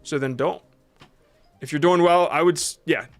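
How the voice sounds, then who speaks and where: A man's voice: on the high side, normal speed. Man hosting a livestream Q&A over faint music. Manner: reads chat questions aloud and answers off the cuff, many fillers and restarts. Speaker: livestream host reviewing shorts. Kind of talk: casual livestream Q&A.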